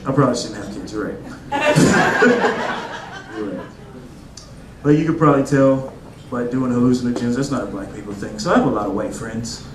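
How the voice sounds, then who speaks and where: On a club stage, a man in his thirties does stand-up at a moderate pace, pausing often. His mid-range voice stays loose and conversational, leaning on "like" and other fillers while he acts out quoted voices. The roomy recording picks up the crowd laughing.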